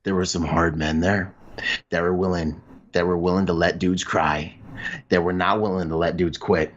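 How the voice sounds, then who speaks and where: A man hosts a casual podcast chat with animated, slang-heavy delivery. His voice sits low but shoots up when he gets excited. The recording sounds dull and lo-fi. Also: normal speed. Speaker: podcast host.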